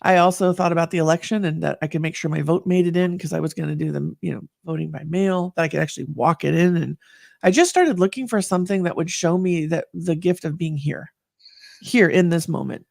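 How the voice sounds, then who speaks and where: A woman guest telling her story in a candid conversation, earnest and animated. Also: lowish voice, a little fast, gravelly, no room sound, studio quality.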